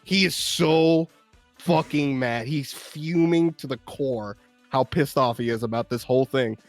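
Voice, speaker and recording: A man's voice: mid-range voice, measured pace, dry recording, faint music behind. A man co-hosting a casual gaming podcast, retelling scenes with lots of laughter and swearing. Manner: animated storyteller, laughs often, swears freely. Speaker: podcast co-host.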